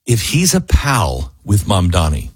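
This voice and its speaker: Emphatic husky-voiced talk radio man. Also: low voice, measured pace, no echo. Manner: emphatic, animated, acts out quotes in mocking voices. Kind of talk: opinionated political talk radio.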